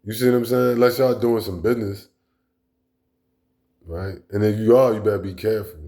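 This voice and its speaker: A man's voice: fairly low pitch, fairly even intonation, fairly quick, warm tone. A man delivering a blunt, profane, rambling monologue as a vlog host. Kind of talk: casual monologue rant.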